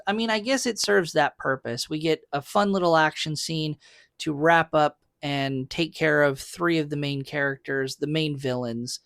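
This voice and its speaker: A man's voice: a little high, creaky, fairly bright tone, clean tone, no room sound, clean studio sound. A man co-hosting a podcast, giving opinions on a movie and laying out a fan theory step by step. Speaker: podcast co-host. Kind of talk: casual movie discussion.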